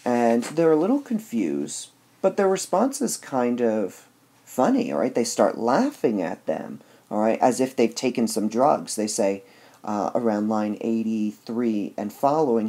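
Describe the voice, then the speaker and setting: A man's voice: mid-range voice, warm tone. A man giving a casual lecture that reviews a play, explaining step by step and often saying "all right". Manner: explains step by step with filler words.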